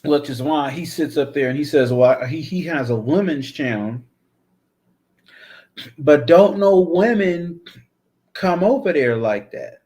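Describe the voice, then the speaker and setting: A man's voice: fairly high pitch, animated, measured pace, long pauses, darkish tone. A man hosting his own channel, ranting in a blunt, profane, repetitive way. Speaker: channel host. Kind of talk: casual ranting commentary.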